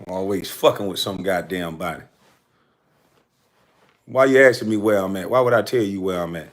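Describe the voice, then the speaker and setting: Speaking to the camera in a low voice at a moderate pace, a commentator answers his critics. His rant is angry, profane and confrontational as he calls them out.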